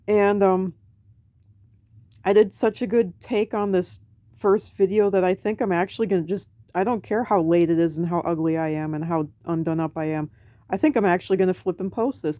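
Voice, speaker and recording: A woman's voice: lowish voice, warm tone, no room sound. An American woman vlogging in a casual late-night monologue to camera, rambling, self-mocking and profane. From United States. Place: home at night.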